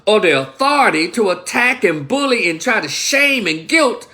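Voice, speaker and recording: A livestream commentator from Memphis, Tennessee speaks at normal speed in a high, very animated voice that's bright and forceful. He addresses viewers directly in a heated opinion rant laced with frequent swearing.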